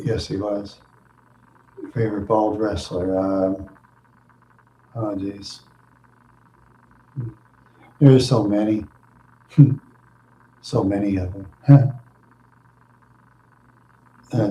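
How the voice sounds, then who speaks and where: A middle-aged man talks in a loose, rambling way, chuckling often as he drifts through asides. His voice is dark and mellow. The room around him is echoey. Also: on the low side, a little hiss or hum. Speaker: streamer answering viewers. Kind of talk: casual rambling chat.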